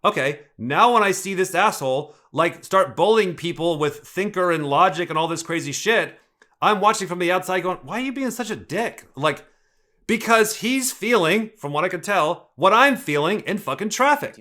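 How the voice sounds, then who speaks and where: A man's voice: high-pitched, lively intonation, moderate pace, pushed and bright. A man talking casually and bluntly, with frequent swearing. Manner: blunt and profane. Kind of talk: casual talk.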